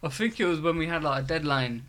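A young man rattles through anecdotes at speed. His voice is bright and a touch high. He swears freely and slips into quoted voices as he tells his stories. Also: fast talker. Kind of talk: casual chat.

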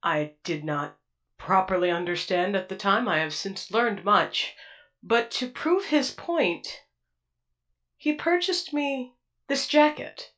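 A woman's voice: medium pitch, lively intonation, slow pace, a bit bright. Stiff and correct: a polite droid, played by a woman. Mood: reflective. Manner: stiff, formal and precise.

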